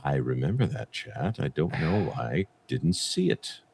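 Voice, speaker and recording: A man's voice: a bass voice, big pitch swings, moderate pace, gravelly, a little mellow, slightly rough, dry recording. A man co-hosting a casual livestream, reading viewer messages aloud with a wry manner. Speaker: podcast co-host reading super chats.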